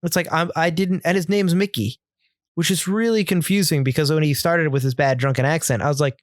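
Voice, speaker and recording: A man's voice: on the high side, fairly even intonation, dry recording, clean studio sound. A man co-hosting a film podcast, talking casually and bluntly about what he disliked, with frequent restarts. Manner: opinionated, critical, halting restarts. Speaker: podcast co-host.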